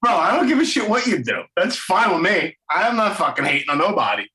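Bright-voiced New podcast host. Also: male voice, high-pitched, sing-song, fairly quick, reverberant, rough recording. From Brooklyn. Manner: laid-back, profane, enthusiastic. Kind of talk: casual interview.

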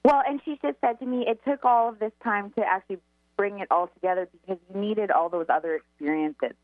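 A woman's voice: mid-range voice, a little fast, no room sound. A woman working as a psychic medium co-host, doing a call-in radio reading in a bubbly way with frequent laughter. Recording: tinny phone line.

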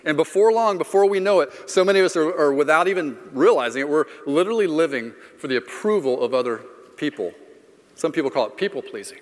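Middle-aged male pastor, casual storyteller with jokes at his own expense, slightly high voice, long reverb of a big room. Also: animated, fast. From Florida. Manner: conversational storyteller, self-deprecating humor. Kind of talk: sermon with personal story.

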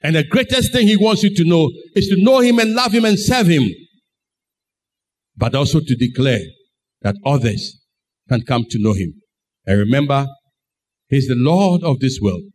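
A male pastor delivers his sermon in a high, ringing voice. He tells the story with great drama and slips into the voices of each character as he goes. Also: animated, normal speed, pauses often.

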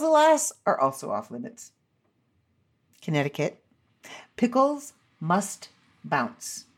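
A woman hosts a casual chat, reading out strange laws and breaking off into amused asides. Her voice swings widely in pitch as she goes. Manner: chatty, amused, self-interrupting asides. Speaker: host.

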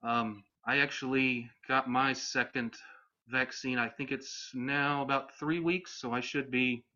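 Man, relaxed casual chat, bright voice, dull muffled audio. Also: mid-range voice, measured pace. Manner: relaxed, thoughtful, with some hesitation. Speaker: guest.

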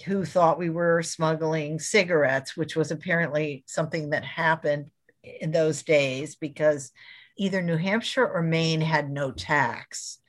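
Brief: lower-voiced woman, museum pro guest, chatty anecdotes with frequent laughs. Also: steady tone, a little slow. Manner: chatty, laughs often while telling stories. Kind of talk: casual storytelling interview.

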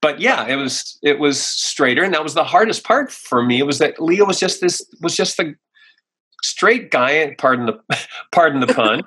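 A man, a voice actor, chatting in an interview and telling animated stories, slipping into voices as he goes. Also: a little high, normal speed, breathy edge. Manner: animated storyteller, slips into voices and impressions. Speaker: voice actor guest. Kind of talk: casual interview chat.

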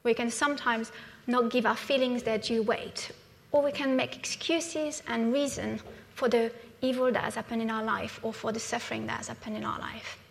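A woman's voice: on the high side, fairly even intonation, normal speed, gravelly, few pauses, slight background noise. A woman from France, preaching a conversational sermon in a church and often asking "yeah?" as she goes. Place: church hall. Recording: long hall reverb.

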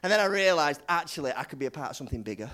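A man's voice: on the high side, animated, very fast, pushed and bright, voice pushed down. A man voicing a young boy who chattily tells, in the first person, how he gave away his lunch. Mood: musing. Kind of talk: sermon storytelling in character.

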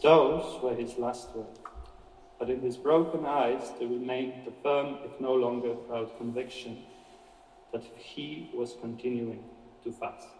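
A man giving a measured, expressive reading of a story aloud, with occasional slips. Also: mid-range voice, slight background noise. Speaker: reader. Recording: echoey hall from far off.

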